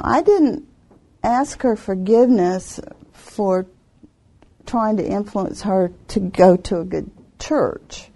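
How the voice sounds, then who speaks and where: A woman telling a personal faith testimony in an earnest, reflective way, with soft laughs now and then. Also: mid-range voice, vocal fry.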